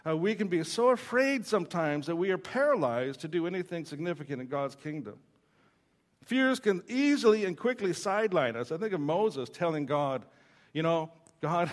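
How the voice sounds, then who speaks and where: Man, pastor, sermon, storytelling, joking, fillers, fairly high voice. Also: animated, moderate pace.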